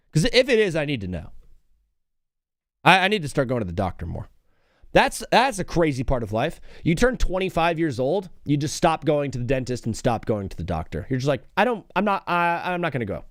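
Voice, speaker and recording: A man's voice: fairly high pitch, sing-song, a little fast, no room sound, clean studio sound. A young man in his twenties hosting a live sports stream, chatting casually and rambling between game updates, stories and viewer replies.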